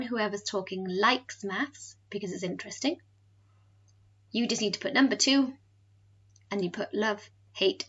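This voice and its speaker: A woman teacher talks a class through a recorded lesson. Her voice is bright and forceful, and she explains clearly and patiently. The recording sounds a little dull. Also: medium pitch. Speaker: French teacher.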